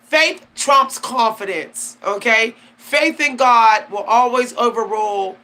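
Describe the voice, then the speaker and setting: Her pitch is on the high side and her tone sharp as she talks slowly to camera. She's a channel host chatting casually yet emphatically about spiritual topics, using slang and laughing often.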